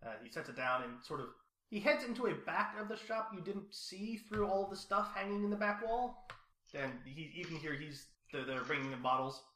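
A man narrating as game master, rambling and halting with many fillers. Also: on the high side, animated, sharp tone, reverberant.

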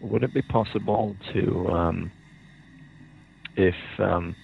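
A man playing a tabletop game, halting and joking. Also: deep voice, vocal fry, dull audio, slight background noise. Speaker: player. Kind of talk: casual tabletop play.

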